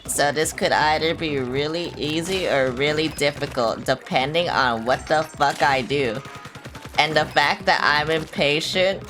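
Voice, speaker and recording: Low-voiced young woman streaming a game. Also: measured pace, music in the background. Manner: blunt, swears often, self-mocking. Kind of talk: casual live-stream chatter.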